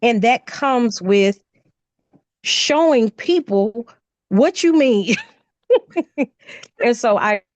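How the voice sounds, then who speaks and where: A woman's voice: fairly high pitch, very slow, long pauses, no room sound. A middle-aged woman, a poet and craft artist telling stories in a casual interview and acting things out as she talks. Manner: animated storyteller who acts things out.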